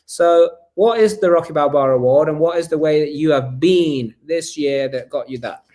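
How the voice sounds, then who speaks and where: A man's voice: on the high side, moderate pace, dark tone. A man hosting a live-stream chat, talking energetically and rambling with restarts over a video call. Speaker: host.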